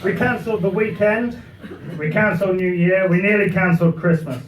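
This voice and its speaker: British guy doing a dry ironic comedy speech, fairly high voice, echoey room, sounds far off. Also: fairly even intonation, fairly quick, noisy background. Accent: British English. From Britain. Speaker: after-dinner speaker. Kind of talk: satirical comic speech. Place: party venue with live audience. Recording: roomy, distant, muffled live recording.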